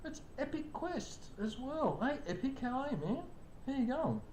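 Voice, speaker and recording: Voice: expressive, moderate pace, a little mellow. An older streamer, chatting casually with live viewers and greeting them by name. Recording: echoey room, faint rumble.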